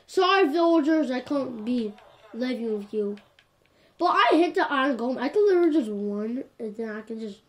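A woman giving casual, animated commentary while playing a game. She sounds exasperated and keeps coming back to the same complaints. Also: sits high, normal speed. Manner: animated and exasperated, repeats "like, for real". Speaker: gameplay commentator.

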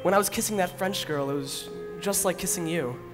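A man's voice: high voice, a little fast, music in the background, natural voice. An actor playing an earnest, lovesick young groom in a stage musical, pleading his case. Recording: reverberant stage sound.

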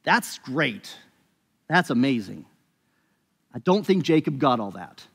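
A man's voice: medium pitch, big pitch swings, takes it slowly, long pauses, breathy edge. A man preaching a sermon as pastor, talking conversationally with emphatic rises and frequent restarts. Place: church sanctuary. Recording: long reverb of a church hall.

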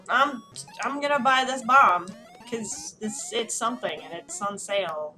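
A woman's voice: fairly high pitch, wildly swooping pitch, measured pace, faint music behind. A tipsy woman playing a video game, cursing and grumbling at it in casual commentary. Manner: profane, exasperated, yelling at the game. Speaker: let's play gamer.

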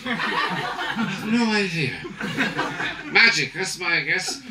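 A man voicing a drunk, reckless male airline pilot who makes booming, rambling intercom announcements. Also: lively intonation, takes it slowly. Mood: boozy bravado. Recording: roomy live club audio from a distance with background noise.

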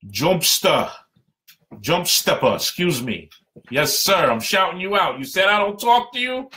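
A man's voice: high voice, sing-song, unhurried, pushed and bright, slight background noise. A man giving a passionate, emphatic live-stream talk to union members as their representative.

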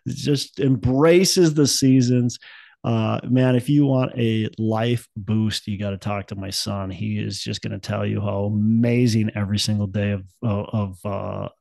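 A man's voice: fairly low pitch, steady tone, unhurried, creaky, a little mellow, no room sound. A man hosting a podcast in casual chat, rambling and upbeat with plenty of fillers and restarts. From Minnesota. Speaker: podcast host.

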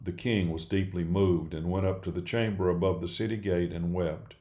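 A man reading a Bible passage aloud in a steady, measured way. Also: deep voice. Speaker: scripture reader.

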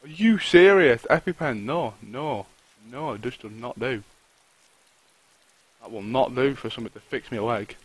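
A man's voice: mid-range voice, unhurried, pauses often, husky, low-quality recording. A man talking to himself while live-streaming a survival game, swearing often and griping at the game. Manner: swears a lot, talks to himself and the game, frustrated outbursts. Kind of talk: live gameplay commentary.

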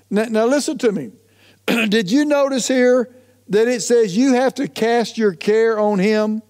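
High-voiced emphatic male pastor preaching. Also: a little mellow. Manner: emphatic, repeats "listen to me", stretches key phrases slowly. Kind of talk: sermon.

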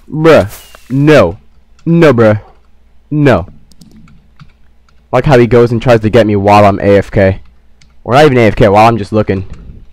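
Lively young man narrating his game. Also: medium pitch, no echo. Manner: playful, trash-talking, bursts into loud shrieks. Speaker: gaming channel host. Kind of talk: let's play commentary.

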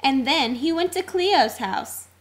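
A woman reading a children's storybook aloud, expressive and sing-song. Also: high-pitched, slow pace. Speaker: narrator.

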